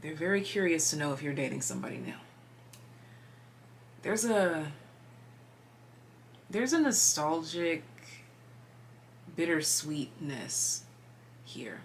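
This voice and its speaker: A woman's voice: low-pitched, very animated, takes it slowly, vocal fry, long pauses, slight background noise. A woman giving a casual tarot reading, chatty and meandering, full of fillers, sometimes dropping to a whisper. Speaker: tarot reader.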